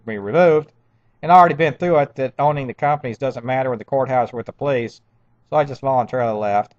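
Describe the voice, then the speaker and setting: A man's voice: medium pitch, no echo. Agitated rambling man, dull lo-fi sound. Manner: agitated, rambling, with frequent stammered restarts. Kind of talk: rambling personal monologue.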